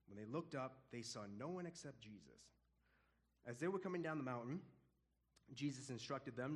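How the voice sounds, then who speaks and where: A man teaching a casual Bible study in an animated, conversational way, often chuckling. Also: mid-range voice, normal speed.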